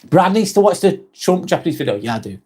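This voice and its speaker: A man's voice: high-pitched, very animated, fast, dark tone, slightly rough. Chatty man reading live comments. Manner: chatty, swears casually, dry and joking. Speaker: live-stream host. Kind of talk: casual live-stream chat reading viewer comments. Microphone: phone.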